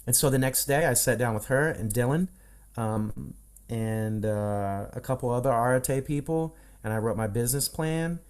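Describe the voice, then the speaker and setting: Animated man telling a story on a video call. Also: mid-range voice, normal speed, smooth. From Midwestern United States. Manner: animated storyteller who acts out quoted dialogue. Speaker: podcast guest, voice coach. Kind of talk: casual storytelling in an interview.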